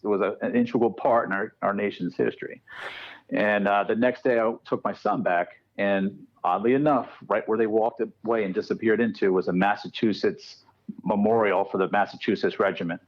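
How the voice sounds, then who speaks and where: Animated storytelling man, muffled audio. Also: fairly low pitch, fairly quick. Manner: animated storyteller acting out quotes. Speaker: guest paranormal researcher. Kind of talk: storytelling in casual chat.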